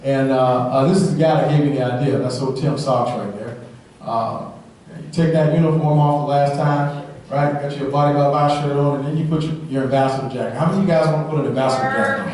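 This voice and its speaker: A man giving an energetic motivational talk at a live sales rally, telling stories and often asking the crowd "right?". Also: on the high side, quick pace. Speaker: motivational speaker. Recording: echoey hall, from far off.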